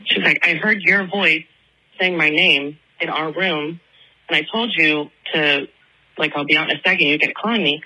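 A young woman in her twenties leaves a rambling voicemail, packed with "like" and fillers. Her voice sits low but bright with a husky edge. It comes through a phone line. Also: moderate pace. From Atlanta. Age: 20s. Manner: chatty, filler-heavy, lots of "like". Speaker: listener calling in with a voicemail. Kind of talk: casual phone voicemail storytelling.

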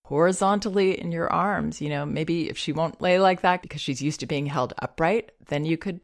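A woman calmly giving parenting advice, gentle and reassuring, with soft laughs. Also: low voice, moderate pace. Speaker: parenting advisor. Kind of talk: advice talk.

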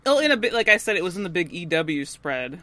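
A woman with a lowish voice chats as a podcast co-host. She speaks in a relaxed, reflective way and often backs her partner up with short agreeing murmurs. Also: quick pace. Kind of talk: casual chat.

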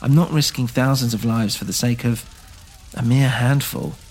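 A man's voice: mid-range voice, steady tone, moderate pace, darkish tone, husky, lightly acted. A man voicing a stern, pragmatic male party leader who argues firmly and insistently in a scripted audio drama. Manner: firm, insistent, clipped reasoning.

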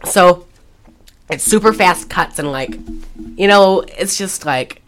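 Animated woman recapping a movie. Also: on the low side, takes it slowly, faint music behind. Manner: animated, acts out quoted lines while recapping. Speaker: podcast co-host. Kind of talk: casual movie recap chat.

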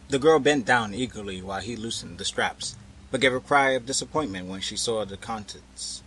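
A man narrating a storybook tale in a measured, unhurried way. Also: lowish voice, a bit bright, slight background noise, poor audio.

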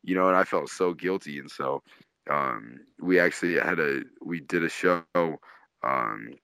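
Deep-voiced man telling rowdy road stories. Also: a little slow, vocal fry, sharp tone, smooth, dry recording. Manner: laid-back, swears often, laughs through stories. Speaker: guest comedian and tour manager. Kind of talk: casual storytelling.

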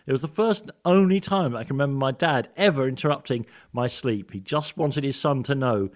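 A man's voice: mid-range voice, a little fast. A man hosting a radio programme, narrating a scripted tribute with earnest personal storytelling. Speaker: radio host.

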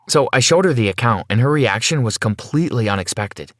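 Young adult man, scripted first-person story narrator, steady and middle-pitched. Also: brisk, few pauses, no room sound.

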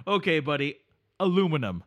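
A man's voice: on the high side, big pitch swings, fairly quick, a bit bright. A man hosting a comedic podcast, running a quiz game with teasing, joking casual chat. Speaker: podcast host, quizmaster.

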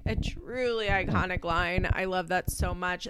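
A woman giving a casual, opinionated recap, chatty with many fillers and acting out quotes in high voices. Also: unhurried, a bit bright, smooth. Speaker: commentator recapping a reality show.

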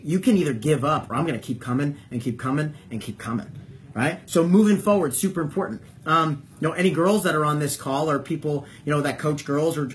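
A male wrestling coach talks to his team on a call, hammering home points with repeated questions. His voice sits a little high for a man. A faint hiss of noise runs under the recording. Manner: emphatic, repeats key points and asks yes-or-no questions.

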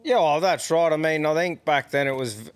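A blunt, sweary Aussie host rambles through casual banter. The sound is dry and close, with no room around it. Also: male voice, on the high side, normal speed, clear, resonant tone, no echo. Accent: Australian. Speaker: podcast host. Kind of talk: casual chat.

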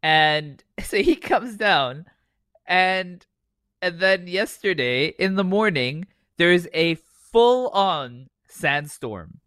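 A man's voice: high voice, animated, takes it slowly, a bit bright, smooth, no echo, studio quality. A man co-hosting a podcast in casual chat, joking and swearing a lot. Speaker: podcast co-host. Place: hot desert city.

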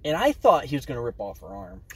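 A man's voice: on the high side, wildly swooping pitch, quick pace, creaky. A man co-hosting a casual movie review podcast, gushing enthusiastically and swearing. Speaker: podcast co-host.

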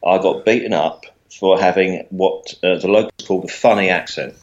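A man's voice: low voice, moderate pace, highs cut off. A middle-aged comedian with a southern English Mockney accent, chatting in an interview, self-deprecating and laughing often, repeating words as he goes. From England. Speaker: guest comedian. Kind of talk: casual interview chat.

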